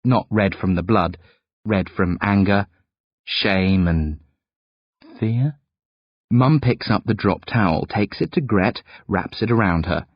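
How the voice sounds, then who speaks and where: A man narrating an audiobook in the first person with a highly expressive, swooping delivery. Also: slow pace, long pauses, slightly rough, no echo, dull audio.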